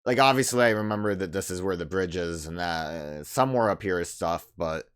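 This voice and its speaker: A man's voice: low-pitched, brisk, a bit bright, clear, resonant tone. A man hosting a let's play, chatting casually and thinking aloud with lots of "like" fillers as he reads the game's lines. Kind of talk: casual gameplay commentary, reading dialogue aloud.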